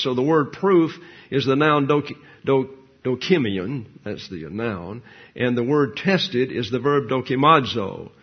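A man giving expository Bible teaching, explaining Greek words slowly and with emphasis. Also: medium pitch, animated, husky. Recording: dull lo-fi recording.

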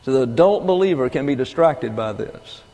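An older man preaching a sermon, teaching deliberately and with emphasis, pausing for asides. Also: mid-range voice, expressive, warm tone. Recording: long reverb of a large hall.

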